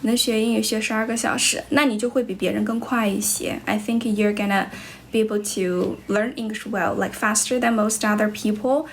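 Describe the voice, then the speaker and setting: A woman's voice: mid-range voice, a little hiss or hum. A young woman from China with a Chinese accent, an English teacher livestreaming casual chat, answering viewers' comments, switching between English and Chinese, and blunt with rude viewers.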